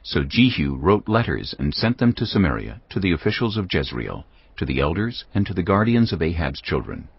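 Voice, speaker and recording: A man narrating scripture in a measured, dramatic storytelling manner. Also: low-pitched, sing-song, slightly rough, no echo. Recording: dull lo-fi with background music.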